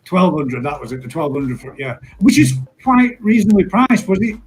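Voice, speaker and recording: A man's voice: high voice, sing-song, moderate pace, husky, rough recording. A man hosting a live stream, chatting casually and laughing often as he calls people mate.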